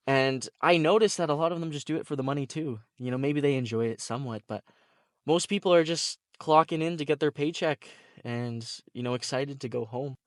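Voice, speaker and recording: A man's voice: mid-range voice, dry recording, clean studio sound. A young man, a content creator, talking to camera in an earnest, heartfelt personal vlog, teary-eyed and talkative. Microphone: camera mic, talking to camera.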